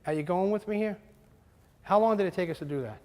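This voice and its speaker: A man with a high voice leads a live workshop in a large hall, talking with energy and often checking in with the room. His words ring out with a long reverb behind them. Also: fast talker. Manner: energetic, asks the audience questions. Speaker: marketing seminar presenter.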